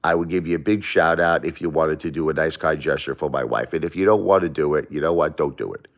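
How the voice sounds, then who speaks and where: A low-voiced man with an East Coast accent hosts a live stream from home. He talks emphatically and circles back to the same points, shifting between raised protest and hushed blessings. He has been sick for a few days. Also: quick pace. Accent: East Coast American. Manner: emphatic, repetitive, swings between loud protest and soft blessing. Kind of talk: casual live stream chat. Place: at home by a Christmas tree.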